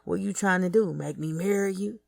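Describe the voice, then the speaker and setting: Woman voicing a smooth-talking older hustler. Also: on the low side, moderate pace, distant mic. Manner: smooth, teasing, slangy come-ons.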